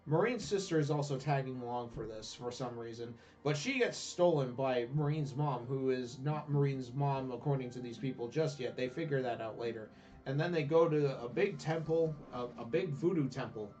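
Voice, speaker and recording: A man's voice: mid-range voice, a little mellow. Brief: offhand let's-player guy, rambling and sarcastic, muffled and far from the mic. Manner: rambling, irreverent, filler-heavy. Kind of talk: casual game story recap. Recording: distant dull lo-fi recording with faint music.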